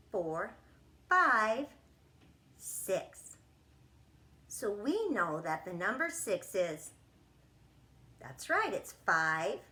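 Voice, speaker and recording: A woman's voice: mid-range voice, pushed and bright. A young woman teaching young children, upbeat and encouraging as she counts aloud in a sing-song way. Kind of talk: children's lesson, counting and letters. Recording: echoey room.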